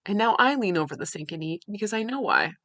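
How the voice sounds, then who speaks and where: A woman hosting a podcast, telling a personal story in a candid, conversational way with halting restarts. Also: mid-range voice, lively intonation, fairly bright tone, dry recording. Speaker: podcast host.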